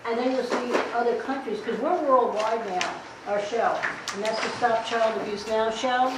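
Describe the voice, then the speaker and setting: A woman host gives a quick casual plug in a loose, offhand way, clearing her throat now and then. Her voice runs a little high and sits away from the mic. Clear background noise fills the echoey room. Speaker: talk show host. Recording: roomy, distant, noisy.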